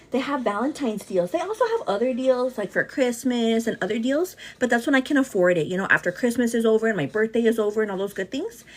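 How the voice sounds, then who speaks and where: Thirties woman, livestream beauty host, chatty and hyperactive, a bit out of breath, husky and animated. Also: fairly high pitch. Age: 30s. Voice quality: energetic, hyperactive delivery. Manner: chatty, calls viewers "girl", answers comments. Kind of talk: casual livestream chat.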